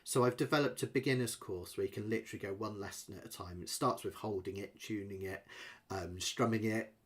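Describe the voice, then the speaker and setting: A man's voice: fairly low pitch, fairly even intonation, a little fast, fairly bright tone, husky. A middle-aged man, rambling and chatty as he hosts a live ukulele lesson Q&A from home. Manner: chatty, rambling, self-deprecating, fillers. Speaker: ukulele teacher.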